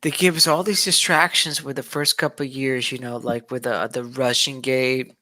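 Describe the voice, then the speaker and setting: A man's voice: mid-range voice, steady tone, moderate pace, pushed and bright. A young man from the United States, ranting in a casual monologue, agitated and repetitive, sometimes mocking. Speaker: vlogger.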